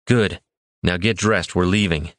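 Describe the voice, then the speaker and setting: A man's voice: deep voice, measured pace, no room sound, clean studio sound. Man reads male adventurer, guilt-ridden, voice cracks upward when panicked. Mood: weary, firm. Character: desperate male adventurer, grieving a friend.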